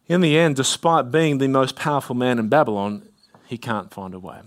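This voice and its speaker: A man preaching an expository sermon, reading scripture aloud with rising emphasis and dropping to a soft, low voice on key points. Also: normal speed.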